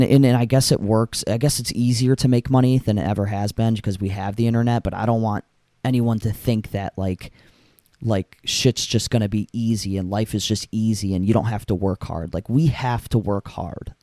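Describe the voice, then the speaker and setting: A man's voice: lowish voice, warm tone, no echo, clean studio sound. A young man hosting a solo podcast, talking casually and rambling with lots of fillers and restarts. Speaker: podcast host.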